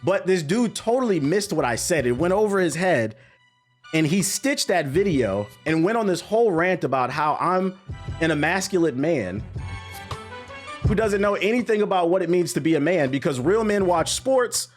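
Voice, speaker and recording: A high-voiced young man talks straight to his stream. His manner is animated, slangy and profane, with a loose conversational flow. A faint music bed plays quietly behind him. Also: normal speed. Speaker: streamer and content creator. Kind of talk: casual stream commentary.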